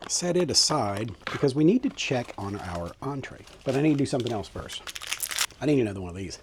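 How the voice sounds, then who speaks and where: A man's voice: medium pitch, animated, fairly quick, noisy background. A middle-aged man, casually taste-testing and chatting in a cooking vlog. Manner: folksy, enthusiastic taste-testing. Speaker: cooking vlogger. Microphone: handheld camera mic.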